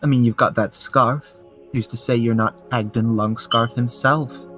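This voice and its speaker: A man's voice: mid-range voice, steady tone, a little slow, a bit bright, faint music behind, lightly acted. A man playing a wary, prickly woman in a tabletop game, talking in a dry, suspicious way.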